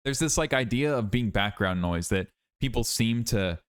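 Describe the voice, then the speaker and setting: A man's voice: medium pitch, animated, moderate pace, smooth. A tired young man rambling in a casual vlog monologue, self-critical and repeating himself. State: tired, worn out. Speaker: YouTuber.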